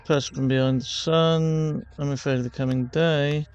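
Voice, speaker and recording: A man's voice: on the high side, steady tone, darkish tone, clean tone, lo-fi sound, natural voice. A man reading a note aloud in a put-on Russian accent, voicing a fearful male patient who hides from the light. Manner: solemn, slow reading of a diary note.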